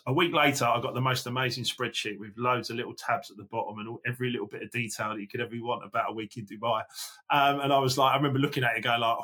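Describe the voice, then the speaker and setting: A podcast guest tells quick, animated stories about his own life. His voice is bright and forward, with a husky edge. He acts out his own quoted lines as he talks. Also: medium pitch. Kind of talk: casual conversational storytelling.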